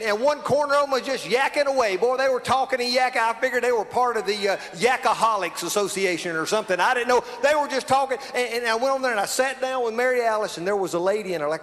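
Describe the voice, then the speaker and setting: Southern American man, very high voice, folksy comic storyteller, long hall reverb. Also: a bit bright. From South Alabama. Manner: folksy, exaggerated, breaking into laughter. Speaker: comedian. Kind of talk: humorous storytelling to a live audience.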